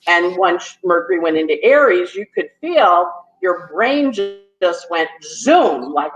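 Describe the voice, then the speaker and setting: A woman astrologer chatting casually as a guest, telling a story quickly and acting out the people in it. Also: on the low side, very animated, music in the background. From New York. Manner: talks fast when nervous, acts out quotes. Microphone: phone on a call. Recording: echoey, dull phone audio.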